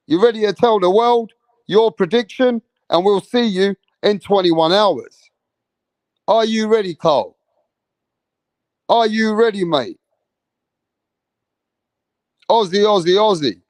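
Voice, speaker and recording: A rowdy young man hosts a loose live chat, reading out comments and cursing freely. His voice sits high for a man and sounds close and dry, with no room around it. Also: a little mellow, no room sound. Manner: rowdy, swears a lot, reads out chat. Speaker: livestream host.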